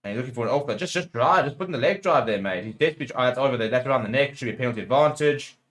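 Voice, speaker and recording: A man's voice: medium pitch, expressive, very fast, fairly bright tone. A man hosting a rugby watchalong, calling the play live and getting heated with the referee. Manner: partisan play-by-play calls. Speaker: watchalong host.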